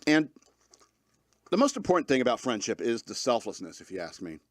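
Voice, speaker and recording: A man's voice: mid-range voice, sing-song, fairly quick, no echo. Joking man rambling on a podcast. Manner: loose, joking, laughs often, many fillers. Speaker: podcast host. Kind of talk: casual rambling monologue.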